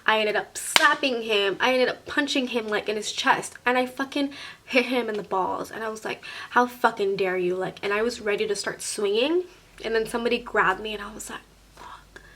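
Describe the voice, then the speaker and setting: A young woman tells a story straight to her viewers in a casual storytime, her voice sitting a little high. She talks in an animated way and swears freely. She acts out what everyone said along the way. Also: a little fast. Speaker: vlogger.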